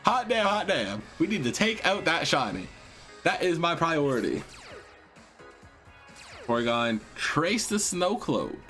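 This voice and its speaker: A man hosting a video game let's play, excitable and slangy, cursing and talking to his viewers. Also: a little high, takes it slowly, pauses often, faint music behind. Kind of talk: casual gameplay commentary.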